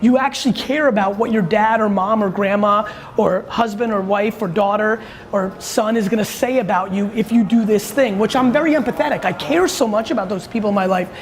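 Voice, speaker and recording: Speaking a little fast in a high voice, a man who's both an entrepreneur vlogger and conference speaker shifts between casual vlog talk about his day and a motivational speech. He's intense and blunt, and he swears constantly.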